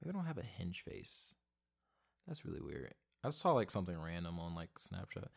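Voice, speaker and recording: Solo podcast host, man in his twenties, low voice, rambling and profane, goes from mumbling to loud ranting. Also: big pitch swings, moderate pace, vocal fry, husky. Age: 20s. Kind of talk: casual solo podcast rant. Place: home, alone.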